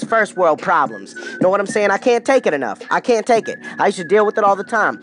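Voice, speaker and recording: A man's voice: sits high, a bit bright. A man with a US East Coast accent hosting his show, ranting in a comedic monologue full of rhetorical questions and "you know what I'm saying". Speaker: show host.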